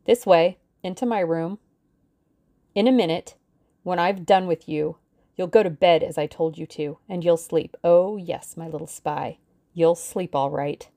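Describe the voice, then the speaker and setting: A woman's voice: lowish voice, unhurried, dark tone. A woman voicing a menacing woman villain in an audiobook, cheerful on the surface with cold threats underneath. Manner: mockingly genial, cold threats. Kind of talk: audiobook character reading.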